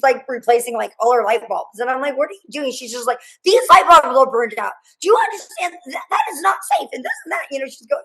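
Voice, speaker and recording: A middle-aged woman being interviewed, recounting a frightening night in a rambling, halting way, full of restarts and quoted dialogue. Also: fairly high pitch, rough recording. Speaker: guest, mother of a murdered student. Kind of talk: emotional interview storytelling.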